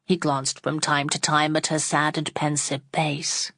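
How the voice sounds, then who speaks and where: Low-voiced female audiobook narrator, steady and unhurried, dry close sound. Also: no room sound. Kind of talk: classic novel audiobook narration.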